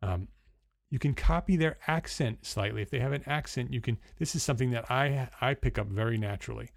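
A man's voice: medium pitch, brisk, creaky, no room sound. New Jersey man giving casual tips. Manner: hesitant, many fillers and restarts. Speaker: host. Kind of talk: unscripted instructional talk. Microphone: studio microphone.

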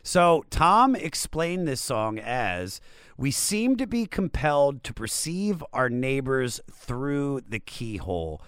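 A male podcast host with a smooth, crisp voice that sounds dry and close. He jokes around and laughs easily with his guest. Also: medium pitch, very animated, slow pace, a bit bright, dry recording, soft background music. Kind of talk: casual podcast interview.

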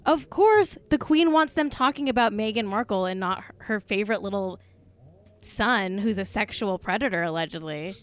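A woman's voice: mid-range voice, normal speed, a bit bright. A woman co-hosting a casual podcast chat, gossipy and blunt, peppering her talk with "like.". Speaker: podcast co-host.

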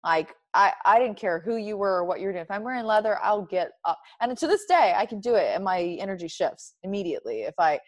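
A woman's voice: mid-range voice, big pitch swings, quick pace, few pauses, no room sound, studio quality. A woman speaking candidly as an interview guest, reflective and emphatic, often laughing. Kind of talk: candid personal conversation.

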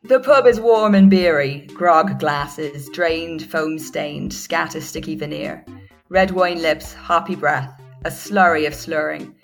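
A woman's voice: sits low, creaky. A woman reading a passage as a rambling, lyrical Irish narrator, using a put-on Irish accent and savouring each image.

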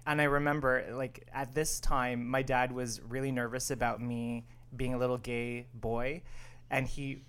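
A man in his late thirties from Canada, co-hosting a casual podcast chat, animated and quick to laugh. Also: medium pitch, smooth. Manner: animated, laughs often, mimics others playfully. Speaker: podcast co-host.

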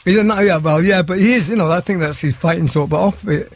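A man's voice: sits high, fast talker, a little hiss or hum. A man guesting on a sports talk show, telling a story in a hesitant, self-deprecating way and chuckling. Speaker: football pundit guest. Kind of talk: casual chat, storytelling. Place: studio.

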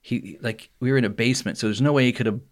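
A man in the middle of his voice range, telling a story on a podcast. He talks casually and keeps it lively, and he often breaks into laughter. His pace and pitch stay at an ordinary everyday level. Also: rapid-fire. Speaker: podcast co-host.

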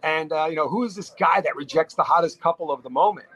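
A middle-aged man from New York spins stories as a podcast guest. His voice sits a little high for a man, and he talks in animated bursts, often restarting his sentences. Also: quick pace, husky, low-quality recording. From New York, USA. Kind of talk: casual storytelling interview.

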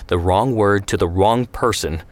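A man's voice: on the low side, unhurried, lightly acted. A man reading the lines of a stern family father who speaks with weary authority and quotes proverbs in an audio story.

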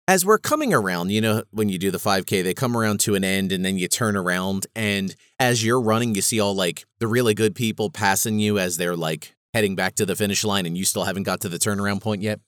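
A man's voice: lowish voice, brisk, hardly any pauses, a bit bright, smooth, no echo, studio quality. A man hosting his own show, telling a story in a casual, self-mocking monologue. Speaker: podcast host.

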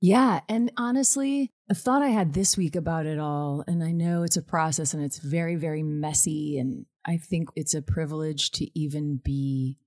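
A woman's voice: sits low, normal speed, hardly any pauses, darkish tone, dry recording, studio quality. A woman talking in a casual, reflective way, often laughing at herself as she talks. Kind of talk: casual conversation. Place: Los Angeles area.

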